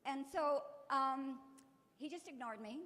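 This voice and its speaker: A middle-aged woman with a bright, high voice tells a spiritual story, animated and slipping into voices for the people in it. She then leads a guided meditation. Her voice rings with the long reverb of a large hall. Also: a little slow. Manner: animated, acts out dialogue with lively voices, often laughs. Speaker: spiritual speaker. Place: event hall.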